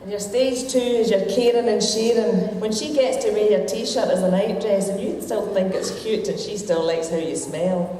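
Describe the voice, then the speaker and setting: A woman's voice: mid-range voice, moderate pace, hardly any pauses, mellow. A Scottish woman giving a wry, joking after-dinner speech and reciting a humorous poem with Scots words, at a formal dinner in a large hotel ballroom. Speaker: guest speaker. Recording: echoey ballroom with long reverb and background noise.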